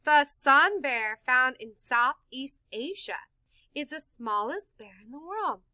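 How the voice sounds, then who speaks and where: A woman reading a picture book aloud to children in an animated, sing-song way, stopping to explain words. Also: high voice, slow pace, no echo. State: tickle in her throat. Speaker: storytime reader for children.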